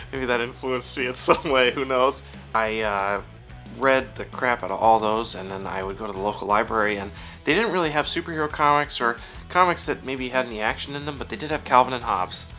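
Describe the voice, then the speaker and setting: A man's voice: mid-range voice, brisk, sharp tone, soft background music. A man in his thirties who writes and draws comics, answering interview questions in a rambling, self-deprecating way with many fillers, recorded in his home studio. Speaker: comic book writer and artist.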